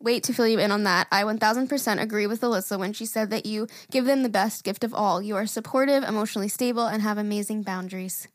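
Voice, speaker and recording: A woman's voice: mid-range voice, fast, few pauses, no echo. A woman co-hosting a podcast in casual chat, giggly and self-deprecating. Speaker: podcast co-host.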